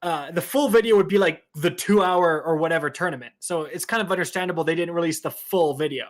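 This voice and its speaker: Animated man co-hosting a gaming podcast. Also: a little high, fast talker. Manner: animated storytelling, acts out quotes. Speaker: podcast co-host. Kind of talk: casual gaming podcast chat.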